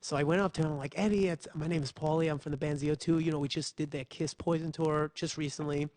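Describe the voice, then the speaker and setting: A man hosts a casual chat, with a slightly high voice. He tells stories animatedly, slipping into the voices of people he quotes. The sound is close and dry. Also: quick pace, no echo. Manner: animated storyteller, acts out other people's voices. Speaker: podcast host.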